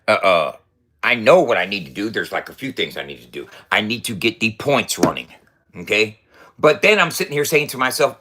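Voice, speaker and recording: A man's voice: on the low side, pushed and bright. A man in his fifties talking casually in a loose, profane, boastful way and laughing often. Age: 50s. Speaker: vlogger. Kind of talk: casual rambling vlog.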